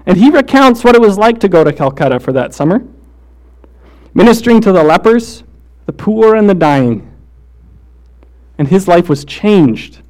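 A man with a high, light voice delivers a sermon. He tells stories in a quick, casual way, peppered with "like" and "right?", then slows to a soft, intense hush for emphasis. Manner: shifts between fast casual storytelling and slow hushed emphasis. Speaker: preacher.

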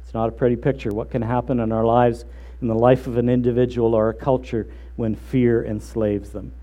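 A man preaching a sermon in an earnest, measured way, slowing down to stress key phrases. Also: mid-range voice, little pitch movement, warm tone, lo-fi sound. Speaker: pastor.

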